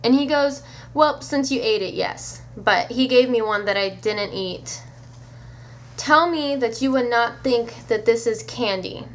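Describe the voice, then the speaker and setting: A woman vlogger telling a story to camera in a casual, animated way, incredulous and swearing offhand. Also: on the high side, unhurried.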